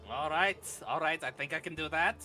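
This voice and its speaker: A man's voice: on the high side, a little fast, sharp tone, soft background music. A man talking as a player in a tabletop game, flustered and asking questions. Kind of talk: casual tabletop game chat.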